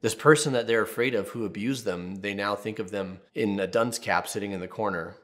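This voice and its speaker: A man's voice: lowish voice, brisk, a bit bright. Casual, joking male therapist. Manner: casual and candid, jokey asides, tells personal stories. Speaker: therapist, channel host. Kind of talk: advice video talking to camera.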